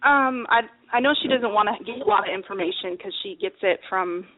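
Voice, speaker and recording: A woman from Seattle calling in to a radio show, speaking softly and hesitantly as she asks her question. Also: medium pitch, a little fast, slight background noise. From Seattle, Washington. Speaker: caller. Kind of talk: phone-in question. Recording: tinny phone line.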